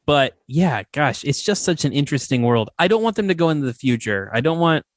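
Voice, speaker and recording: A podcast host chats casually and offers his opinions in a relaxed, opinionated manner, using lots of fillers. His voice is on the high side and fairly quick, captured as clean studio sound with no room echo.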